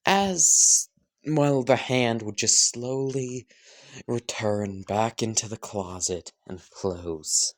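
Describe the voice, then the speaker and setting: A man's voice: medium pitch, takes it slowly. A man casually improvising a fan story, rambling with fillers and the odd swear.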